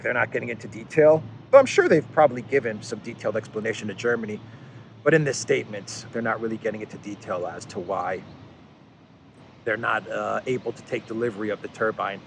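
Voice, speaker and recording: A man's voice: medium pitch, fairly bright tone, slight background noise. Sarcastic man hosting political commentary. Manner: sarcastic, exasperated, mocks officials in put-on quotes. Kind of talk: casual unscripted commentary monologue.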